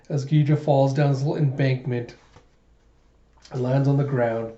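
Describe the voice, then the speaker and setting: A man hosting his own channel, summarizing a manga chapter by chapter in a relaxed, casual way, full of "he's like.". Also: mid-range voice, normal speed. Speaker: host of a manga review channel. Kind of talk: casual manga read-through. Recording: dull echoey room recording.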